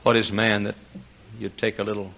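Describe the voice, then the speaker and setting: Older Texan preacher with a gravelly voice. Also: male voice, little pitch movement, moderate pace, poor audio. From Texas. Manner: swings from hushed tender lows to high shouted preaching, chuckling often. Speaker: pastor. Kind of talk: sermon.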